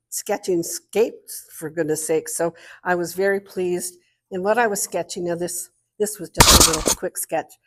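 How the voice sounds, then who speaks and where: Chatty woman telling a story. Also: fairly low pitch. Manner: chatty, meandering, self-interrupting. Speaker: guest speaker at an art society. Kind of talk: anecdotal storytelling talk.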